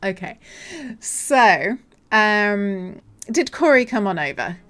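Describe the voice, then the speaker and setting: A woman live-streaming from home, chatting casually to viewers, giggly and excitable. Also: mid-range voice, slow pace.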